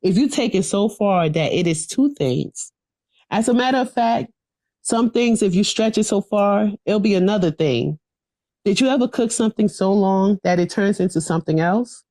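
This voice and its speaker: A woman's voice: mid-range voice, lively intonation, normal speed, warm tone, no room sound, clean studio sound. A woman reciting a political speech to a class over a video call, in a rhythmic, preachy call-and-response manner. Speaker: political education speaker.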